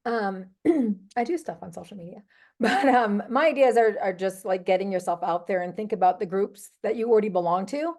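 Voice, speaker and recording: A woman on a travel sales team sharing networking ideas in casual chat, hesitant, with many fillers and some throat clearing. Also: medium pitch, moderate pace, darkish tone.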